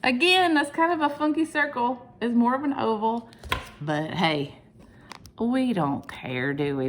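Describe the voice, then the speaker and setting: A woman leads a home video lesson for small children, her pitch bouncing widely in a playful sing-song. She drops now and then into hushed asides, with a faint hiss of noise behind her. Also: lively intonation, measured pace. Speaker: preschool teacher.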